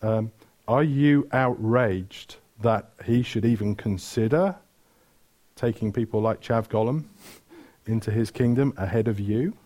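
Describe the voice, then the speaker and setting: A man's voice: on the low side, unhurried, warm tone. A man preaching a sermon, retelling stories with energy, asking the room questions and correcting himself mid-flow.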